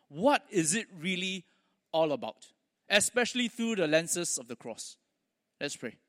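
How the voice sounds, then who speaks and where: A male pastor preaching, telling stories with pauses and small restarts. His voice sits high for a man, and a long church-hall reverb trails each phrase. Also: big pitch swings, a bit bright. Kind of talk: sermon.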